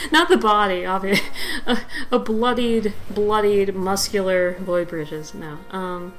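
A woman's voice: medium pitch, slight background noise, poor audio. A young woman giving casual gameplay commentary, rambling with lots of fillers and giggles. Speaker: let's play host.

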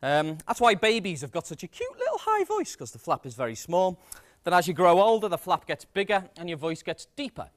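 A man presenting a comic science demonstration on stage to a live audience, energetic and self-mocking. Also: sits high, fairly quick.

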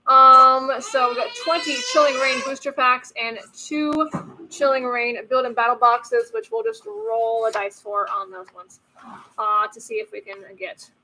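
A woman's voice: on the high side, measured pace, low-quality recording. A woman hosting a live card-opening stream from home, chatty and apologetic, often breaking off to soothe a baby. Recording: loud background noise with a crying baby.

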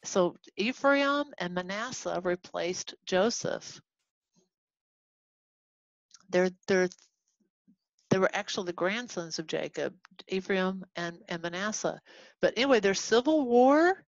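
A woman from Texas teaching a casual Bible lesson to a class, animated and chatty, acting out the people in the story as she goes. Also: medium pitch, slow, long pauses, no room sound. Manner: animated, acts out quoted voices, chatty asides. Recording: dull lo-fi recording.

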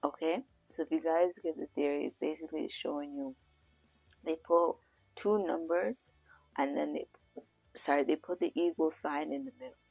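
A woman's voice: deep voice, steady tone, normal speed, creaky, darkish tone, husky, no echo, poor audio. A woman vlogger casually reading out fun math puzzles while she has the hiccups, often stopping to correct herself. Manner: frequent self-corrections with "sorry". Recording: faint music in background.

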